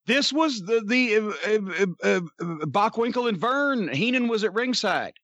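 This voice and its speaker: High-voiced man, rambling and profane. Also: expressive, unhurried, fairly bright tone, no room sound, muffled recording. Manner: rambling and profane, many fillers. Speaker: podcast co-host and wrestling storyteller. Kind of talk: casual chat.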